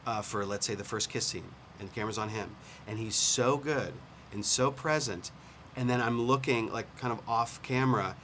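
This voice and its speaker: A middle-aged man, a film director, talking earnestly with halting restarts in a press interview. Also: mid-range voice, sharp tone. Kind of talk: casual press-junket chat. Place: hotel room at a press junket. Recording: noisy room ambience.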